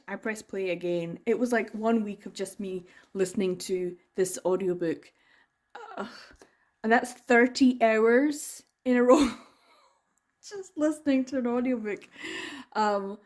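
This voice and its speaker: A woman's voice: on the high side, a little mellow. Chatty, rambling woman book vlogger. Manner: rambling, enthusiastic, frequent laughs and trailing fillers. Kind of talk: casual chatty vlog.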